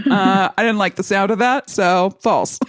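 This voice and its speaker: A woman's voice: mid-range voice, a little slow, no room sound, studio quality. A woman co-hosting a podcast in casual chat, rambling and self-deprecating, with frequent giggles. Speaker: podcast co-host.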